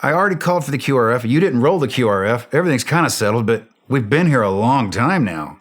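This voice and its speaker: A man telling a war story in a blunt way, swearing freely and acting out the shouted radio calls. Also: mid-range voice, expressive, fast. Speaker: interview guest.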